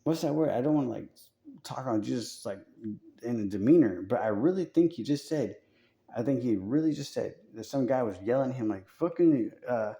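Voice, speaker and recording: Gravelly man rambling casually. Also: mid-range voice, animated, fairly quick, mellow. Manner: rambling, profane, heavy on fillers.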